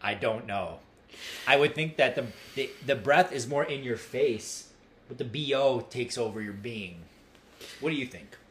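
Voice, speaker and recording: Easygoing American co-host with mock-formal replies. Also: male voice, mid-range voice, measured pace, a bit bright, a little hiss or hum. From United States. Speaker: podcast co-host. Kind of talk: casual podcast banter.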